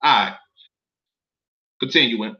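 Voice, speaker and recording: A man's voice: mid-range voice, slow pace, muffled recording. A man reading documents aloud in casual commentary to viewers, incredulous and profane, often stopping to ask them questions.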